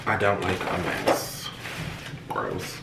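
A man from Jamaica chatting on a handheld camera in a food vlog, dramatic and sassy, jumping from loud exclamations to low muttered asides. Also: takes it slowly, vocal fry, very noisy. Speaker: food vlogger. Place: in a car, out and about, then at home. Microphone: handheld camera or phone.

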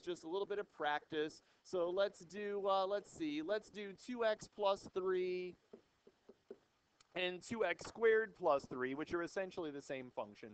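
A man's voice: high voice, clear, resonant tone. A young male math teacher giving a jokey, playful lecture to a classroom of students on an old microphone. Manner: playful, wisecracking, theatrical.

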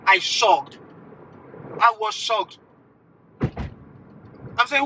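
A young man with a Nigerian accent giving animated, incredulous opinions in a casual vlog, talking from the back of a car. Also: high-pitched, normal speed, slight background noise, poor audio. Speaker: vlogger.

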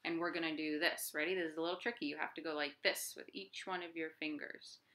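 A woman, a children's librarian at home, reading a picture book aloud to children with expressive storytelling and sound effects. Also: sits low, fast.

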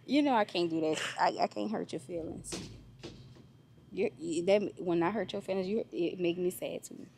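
A woman's voice: fairly low pitch, moderate pace, vocal fry, a little mellow, slight background noise. A woman in a store, talking to a child in short, repeated bits and calling her baby. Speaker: vlogger pranking her goddaughter. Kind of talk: casual vlog talk to a child. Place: inside a store.

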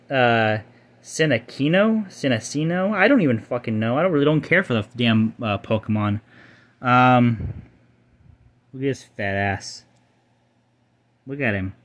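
A young man casually showing off his card collection, rambling, swearing freely and stumbling over names. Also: mid-range voice. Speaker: channel host.

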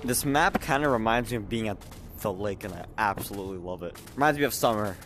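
A woman gamer in a headset giving excitable VR gameplay commentary, often shrieking when chased. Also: very deep voice, quick pace. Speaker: gaming channel host. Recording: loud game noise behind voice.

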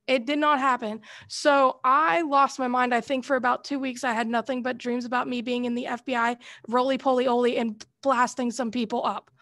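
High-voiced woman teaching a college class. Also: fairly even intonation, moderate pace, hardly any pauses, fairly bright tone, dry recording. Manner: casual, heated storytelling with mild slang. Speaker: college instructor. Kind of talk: classroom lecture with a personal anecdote.

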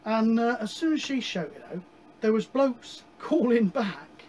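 A man casually chatting about his radio hobby, rambling with many pauses and digressions. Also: very high-pitched, very animated, darkish tone, rough recording. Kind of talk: casual chat.

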